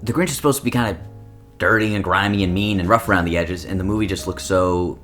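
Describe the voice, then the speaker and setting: A man's voice: deep voice, fast talker, fairly bright tone, faint music behind. A man co-hosting a podcast, giving opinionated, reasoned takes in casual chat. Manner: opinionated, analytical, long reasoned turns. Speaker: podcast co-host.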